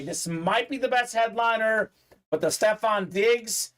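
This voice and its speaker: Chatty upbeat livestream break host. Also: male voice, high-pitched, expressive, measured pace, fairly bright tone. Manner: upbeat, chatty, many "uh" fillers, reads viewer comments aloud. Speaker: sports memorabilia break host. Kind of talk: live-stream card break commentary.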